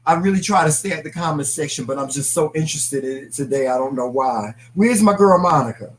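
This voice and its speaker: A man's voice: fairly high pitch, quick pace, poor audio. A man co-hosting a casual live-stream talk show, reading comments and laughing as he talks. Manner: animated, laughing, reads viewer comments aloud.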